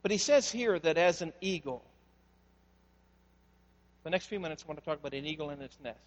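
A man preaching a sermon as pastor, telling stories in a conversational way with frequent restarts, then building to slow, emphatic declarations. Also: a little high, animated. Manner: conversational storytelling with repeated word restarts. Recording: long hall reverb.

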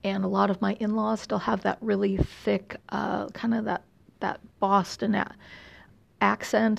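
A middle-aged Californian woman with a slight Texas drawl chats casually, rambling along with plenty of fillers and self-deprecating asides. Her mid-range voice is creaky and level in tone, and she takes her time.

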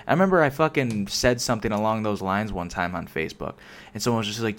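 A young man on his own vlog, ranting off the cuff into a desk mic. His voice sits a bit on the low side, and he rambles through restarts and fillers, swearing nearly every sentence. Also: lively intonation, brisk. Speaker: solo vlogger. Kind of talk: casual unscripted rant. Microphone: desk microphone.

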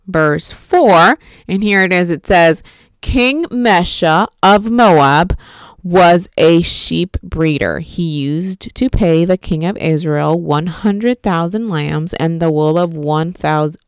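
Slow, clear-voiced woman teaching. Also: lowish voice, dry recording. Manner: conversational, with fillers and self-corrections. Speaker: Bible teacher. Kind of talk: informal teaching talk.

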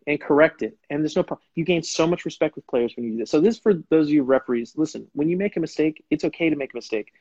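Animated man telling a story, lo-fi sound. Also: mid-range voice, dry recording. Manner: animated, acts out quotes, restarts sentences. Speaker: show host and former pro soccer player. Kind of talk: casual storytelling on a live show.

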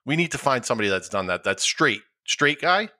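A middle-aged man co-hosting a casual podcast. His voice is bright and his pitch swings widely. He laughs often and stumbles into repeated words. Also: big pitch swings, brisk. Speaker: podcast co-host. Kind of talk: casual chat.

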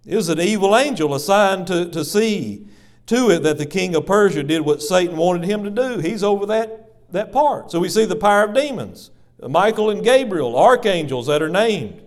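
A man's voice: high voice, lively intonation, moderate pace. A man preaching a sermon in church, dramatic and repetitive, calling the congregation folks. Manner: dramatic swings between loud emphasis and hushed asides. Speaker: pastor.

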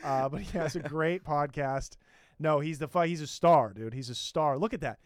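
A man's voice: fairly high pitch, normal speed, dry recording, studio quality. A man hosting a comedy podcast, riffing in a profane, rambling and sarcastic way. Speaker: podcast host.

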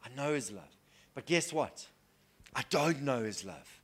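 A man preaching a sermon earnestly, moving between soft hushed lines and loud emphatic declarations. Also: mid-range voice, very animated, unhurried, husky.

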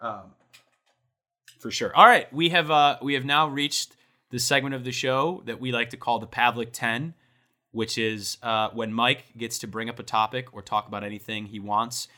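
A man's voice: medium pitch, steady tone, normal speed, pushed and bright. A young man, co-hosting a podcast, who tells stories casually and animatedly, swearing and acting out voices. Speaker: podcast co-host. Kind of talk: casual chat.

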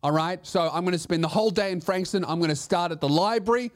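This is a comedian hosting his own show, delivering a sarcastic, profanity-laced rant. His voice sits notably high for a man, and his grievances pile up one after another. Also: fast talker. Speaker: comedian host. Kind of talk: comedic podcast monologue.

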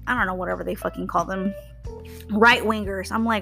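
A woman's voice: medium pitch, fairly even intonation, brisk, vocal fry, fairly bright tone, faint music behind. A young woman from Texas hosting a podcast, ranting about customers in a blunt, profane, sarcastic way. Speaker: podcast host. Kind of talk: casual rant.

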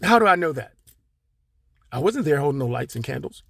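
A man's voice: on the high side, big pitch swings, brisk, creaky, long pauses, a bit bright, no echo, clean studio sound. A man from Pittsburgh hosting a solo podcast, talking in a rambling, streetwise, profane way with lots of fillers, speaking from his car. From Pittsburgh, USA. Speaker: podcast host.

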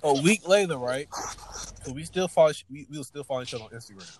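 A man's voice: on the high side, animated, quick pace. A man on a podcast telling a personal story in a casual, slang-heavy, rambling way that swings between mumbles and heated bursts. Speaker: podcast co-host.

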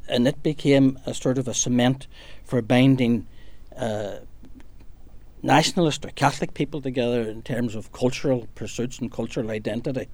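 A man's voice: medium pitch, a little mellow, dry recording. A man from Northern Ireland leading a casual discussion, telling long stories with frequent fillers.

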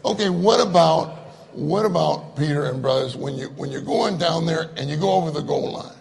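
Gravelly-voiced male preacher, chatty and joking. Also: a little high, moderate pace, a little mellow. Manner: chatty, joking, laughing with the audience. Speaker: conference speaker. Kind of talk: conversational sermon with audience banter.

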